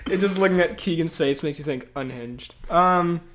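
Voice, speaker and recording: A man's voice: a little high, normal speed, noisy background. A man in casual podcast conversation, his voice sitting a little above the usual male range. He rambles through fillers and breaks into laughter often. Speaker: podcast co-host. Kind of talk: casual chat.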